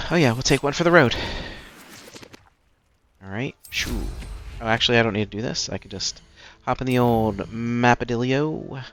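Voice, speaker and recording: A man's voice: medium pitch, lively intonation, normal speed, long pauses, fairly bright tone. A man hosting a let's play, chatting casually and reading in-game letters aloud, self-deprecating and stumbling over words.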